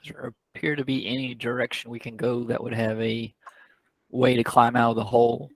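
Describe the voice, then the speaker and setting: A man's voice: mid-range voice, little pitch movement, brisk, gravelly, dry recording, poor audio. A man playing a tabletop game, describing his character's actions and cracking jokes. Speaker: player.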